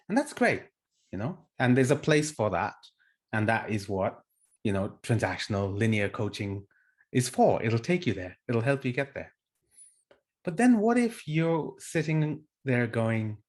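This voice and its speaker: A man hosting his own channel as a life coach, talking straight to viewers. His pitch swings widely and he sounds animated and expressive. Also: moderate pace. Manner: animated, acts out example dialogues. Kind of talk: solo welcome talk to the viewer.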